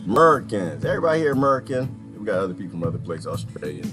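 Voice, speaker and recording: A man giving rambling, mocking reaction commentary, laughing often. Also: on the low side.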